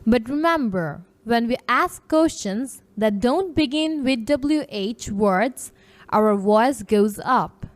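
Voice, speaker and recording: A woman teacher reading a children's English lesson aloud, slowly and carefully, modelling phrases for pupils to repeat. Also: a little high, animated. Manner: slow, careful, clearly articulated drill reading.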